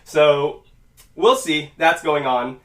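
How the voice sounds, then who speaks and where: A man hosting a casual podcast, rambling and cursing freely as he talks wrestling, now and then jumping into loud quoted voices. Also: a little high, slow pace. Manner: rambling, profane, animated when quoting. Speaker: podcast host. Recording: echoey room, mic at a distance.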